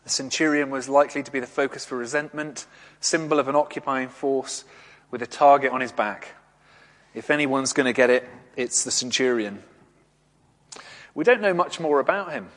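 A man gives a gentle, reflective sermon in a mid-range voice, pausing between short phrases. His voice rings with a long reverb, as if in a church. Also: mid-range voice. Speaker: preacher.

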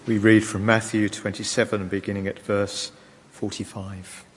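A man reading scripture aloud in a measured, solemn way. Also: lowish voice, flat delivery, long reverb tail, slight background noise. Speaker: scripture reader. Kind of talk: liturgical Bible reading.

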